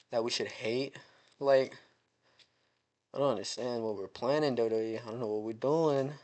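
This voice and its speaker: A young American man hosting a casual wrestling recap, joking and rambling as he talks. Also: medium pitch. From United States. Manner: joking, rambling, mock-dramatic. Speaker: wrestling show recap host. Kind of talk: casual chat.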